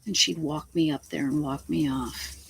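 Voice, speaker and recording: A woman's voice: sits low, steady tone, normal speed, vocal fry, husky, no echo, low-quality recording. A woman vlogging from her home, rambling in a blunt, chatty way and swearing freely as she jumps between topics. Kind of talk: rambling casual home vlog. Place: at home, talking to the camera.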